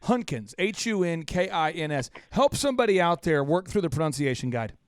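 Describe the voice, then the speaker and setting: A man's voice: on the high side, big pitch swings, fairly quick, smooth, no room sound, clean studio sound. A man hosting a business show, with a boisterous, emphatic announcer delivery. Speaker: host.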